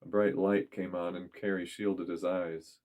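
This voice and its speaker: Deep-voiced man reading a story. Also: flat delivery, unhurried, darkish tone, highs cut off. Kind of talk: scripted story narration.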